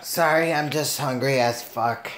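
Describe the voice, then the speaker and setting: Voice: medium pitch, unhurried, a bit bright, a little hiss or hum. A reaction video host giving profane, mocking commentary in a put-on voice, laughing often. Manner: doing a put-on voice. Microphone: headphones with a desk mic.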